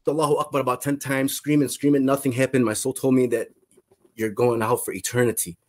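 A man telling a personal testimony in a halting way, repeating and restarting his phrases. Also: mid-range voice, level tone, darkish tone. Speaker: testimony guest.

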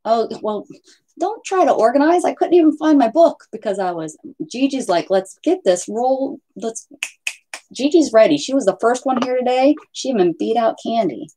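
A woman's voice: fairly high pitch, expressive, fairly quick, mellow. A woman hosting a casual craft livestream from home, chatting and rambling to viewers and her pets. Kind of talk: casual live chat with viewers.

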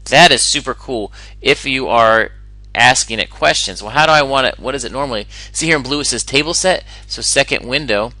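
A man's voice: medium pitch, fairly quick, pushed and bright, dry recording, low-quality recording. A man teaching a recorded algebra lesson in an upbeat way, explaining step by step and asking the listener questions. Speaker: math teacher.

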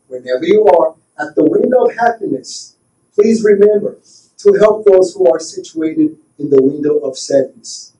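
A man doing a gentle old grandfather. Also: high-pitched. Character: gentle older grandfather comforting a child. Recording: roomy hall, voice from far off.

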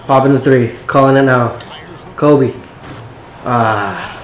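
A man talks through his own game in a loose, excitable way, swearing and calling for the ball. His voice sits at an ordinary middle pitch. The room around him adds a noticeable echo. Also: takes it slowly. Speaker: gaming YouTuber. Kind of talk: casual gameplay commentary.

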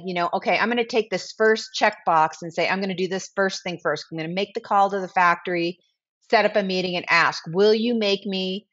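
Brief: woman in her 40s, chatty storyteller guest, acts out quotes, slightly dull lo-fi audio. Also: mid-range voice. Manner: animated, acts out quoted dialogue. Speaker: guest, brand founder. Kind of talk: casual storytelling interview.

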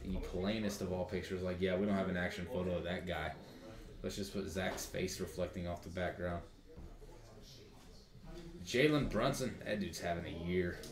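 A man's voice: sits low, moderate pace. A man hosting a live card break, rattling off card names and joking with others. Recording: echoey room with crowd noise.

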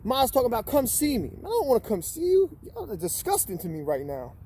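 A fast-talking man with a notably high voice rants casually and accusingly, dropping scripture readings between complaints and tagging lines with "man" and "bro." Steady background noise and passing vehicles run beneath him.

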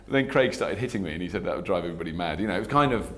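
Man, low voice, fast talker, chatty, self-mocking, interview anecdotes. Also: animated, fairly bright tone. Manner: chatty, self-mocking, laughs while telling stories. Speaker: actor being interviewed.

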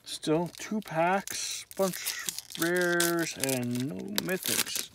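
A man's voice: on the high side, extremely slow, noisy background. A man opening trading card packs, calling out each card's name in casual commentary with joking, self-deprecating asides. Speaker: card pack opener.

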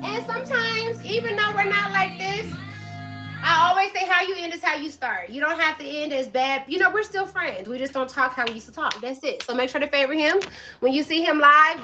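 A young woman, hosting a casual livestream, loud, brash and joking with viewers. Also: sits high, normal speed, highs cut off, soft background music. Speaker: livestream host.

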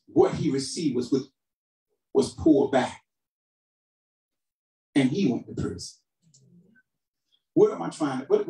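Preaching man heard from afar. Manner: swings between shouted emphasis and low, quiet asides; calls for responses from the congregation. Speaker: pastor. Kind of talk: sermon preaching. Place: church hall. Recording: roomy hall sound from a distant mic.

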